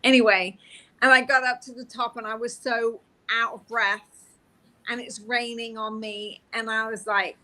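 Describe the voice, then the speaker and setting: Speaking unhurriedly in a fairly high, sharp voice with fairly even intonation, a middle-aged police officer from England shares stories in a casual interview. She's chatty and self-deprecating, laughing as she goes.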